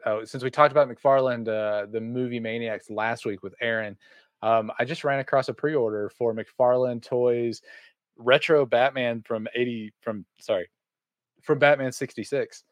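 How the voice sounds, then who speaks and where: A man's voice: medium pitch, no room sound. A man hosting a toy podcast in casual chat, rambling and easily distracted, with many uhs and restarts. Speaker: podcast host.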